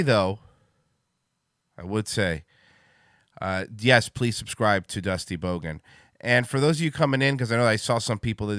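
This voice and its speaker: Excitable male stream host, loud casual chatter, cursing, dry mic. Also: lowish voice, normal speed, pauses often, no room sound. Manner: loud, excitable, swears freely. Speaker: livestream show host. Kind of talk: casual livestream chat.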